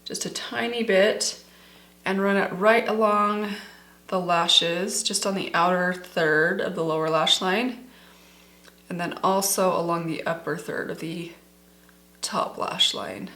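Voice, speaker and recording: A woman's voice: lowish voice, steady tone, slow pace, fairly bright tone. Chatty woman beauty vlogger, echoey room. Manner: chatty, enthusiastic, addresses viewers as "you guys". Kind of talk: casual makeup tutorial chat.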